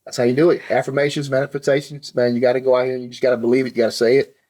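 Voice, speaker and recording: A man hosting a podcast in a relaxed, encouraging way, often adding "man" to his sentences. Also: medium pitch, very fast. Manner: laid-back and encouraging, says "man" a lot. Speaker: podcast host. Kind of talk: casual chat.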